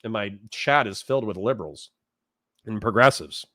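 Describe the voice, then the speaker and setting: A man's voice: fairly low pitch, normal speed, fairly bright tone, no echo. Man, livestream host, from Florida, blunt and rambling, reads chat aloud, dry close sound. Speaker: livestream host reading donations. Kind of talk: casual livestream commentary.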